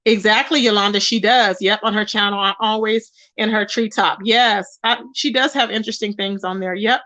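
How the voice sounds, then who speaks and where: A woman's voice: medium pitch, fairly even intonation, normal speed, bright, forceful tone, no echo. A woman hosting a casual livestream, reading chat comments and gossiping straight to her viewers. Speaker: channel host.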